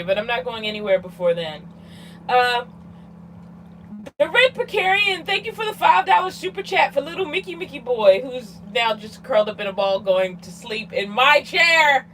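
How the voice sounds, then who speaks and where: A woman's voice: on the high side, a bit bright, a little hiss or hum, poor audio. A woman chatting casually on a livestream, giggly and talking to her cat, from inside her van. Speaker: vlogger hosting a livestream.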